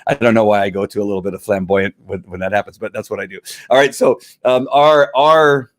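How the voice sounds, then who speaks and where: A man who trains dogs, answering viewer questions in a rambling, animated way. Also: on the low side, a little fast, hardly any pauses, dry recording, clean studio sound. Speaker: dog trainer. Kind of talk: casual Q&A talk.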